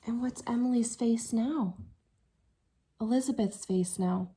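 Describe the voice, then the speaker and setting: A woman teacher reading a picture book aloud to children, animated, gasping and asking the listener questions. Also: fairly high pitch, measured pace, pauses often, husky. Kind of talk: storytime read-aloud for children.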